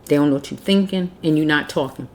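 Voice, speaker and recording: A woman's voice: deep voice, quick pace, darkish tone. A woman giving a casual tarot reading, blunt and preachy, repeating herself as she scolds. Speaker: tarot reader.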